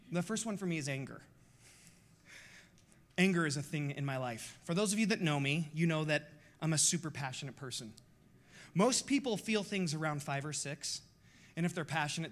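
Passionate, high-voiced male pastor preaching. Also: lively intonation, normal speed. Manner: passionate, confessional, emphatic. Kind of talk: sermon.

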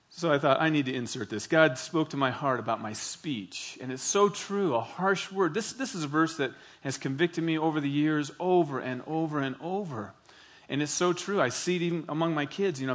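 A man's voice: on the high side, a bit bright. Earnest man preaching a sermon. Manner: earnest, emphatic, slows down to stress key phrases. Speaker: pastor.

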